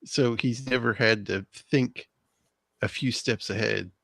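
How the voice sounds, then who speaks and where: A man's voice: mid-range voice, measured pace, vocal fry, a bit bright, no room sound. A man in casual film chat, enthusiastic and repeating his points as he explains them. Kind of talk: casual movie-watch commentary.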